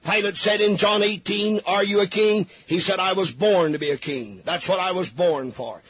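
A man's voice: sits high, normal speed, fairly bright tone, slightly rough. A man preaching a fervent sermon, reading scripture aloud and pleading with his listeners.

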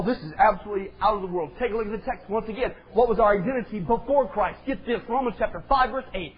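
A male preacher delivering an impassioned sermon, swinging between shouted lines and quiet asides. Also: extremely high pitch. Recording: dull lo-fi sound.

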